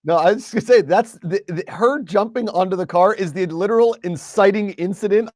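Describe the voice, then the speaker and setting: A man chatting casually on a podcast, making wry quick asides. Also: high-pitched, a little mellow, no echo, clean studio sound. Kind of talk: casual chat.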